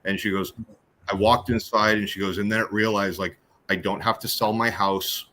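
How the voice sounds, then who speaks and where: A man, a guest on a live show, telling animated, jokey stories about being hypnotized, with many restarts. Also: on the low side, moderate pace. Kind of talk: casual storytelling.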